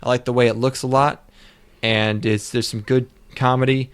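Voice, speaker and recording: Young male podcast co-host, mid-pitched, laid-back and offhand, casual swearing. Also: flat delivery, normal speed, clean tone. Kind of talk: casual chat.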